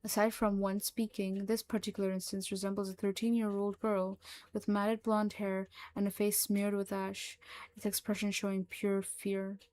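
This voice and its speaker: A woman narrating a horror story in a slow, hushed, even manner. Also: medium pitch.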